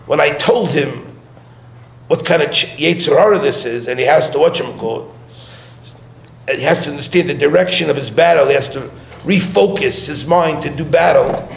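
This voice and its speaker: A man's voice: a little high, moderate pace, gravelly. A middle-aged man, a rabbi, telling a story in a sermon and acting out its dialogue with animation. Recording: echoey room, faint background hum.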